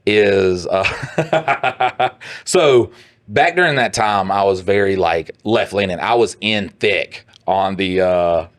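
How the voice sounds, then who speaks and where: A man co-hosting a podcast, telling a profane, animated story in casual chat and putting on voices for the people he quotes. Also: fairly low pitch, slow. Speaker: podcast co-host.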